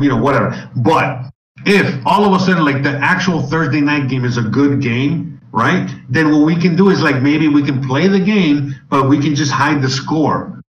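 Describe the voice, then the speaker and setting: A man in casual chat, rambling with many fillers and swearing as he pitches an idea. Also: lo-fi sound. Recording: echoey room, far from the mic.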